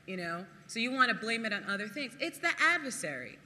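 A preacher giving a sermon and reading scripture aloud. The preacher talks in an animated way, laughs often, and acts out quotes in other voices. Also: medium pitch, a little fast, hardly any pauses, big-room sound, slight background noise.

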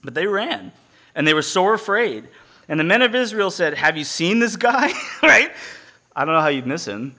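Man, preacher, lively sermon, bright ringing tone, casual asides, calls for audience answers. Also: high-pitched, moderate pace. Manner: animated, conversational, asks the audience to fill in words; acts out scripture characters with casual paraphrase. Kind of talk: sermon reading and explaining scripture.

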